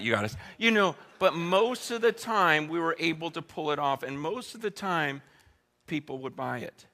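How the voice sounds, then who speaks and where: Man, high voice, bright tone, animated sermon storytelling, laughs a lot, talks to the crowd as "you guys". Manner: animated, laughing often while telling the story; addresses the audience directly.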